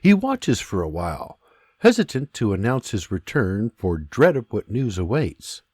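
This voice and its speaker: A man narrating a historical audiobook in an unhurried, expressive storytelling manner. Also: on the low side, breathy edge, no room sound, studio quality.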